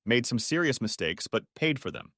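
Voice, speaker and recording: Male audiobook narrator, lively pitch, dry close sound, emotional first-person storytelling. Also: moderate pace, no room sound.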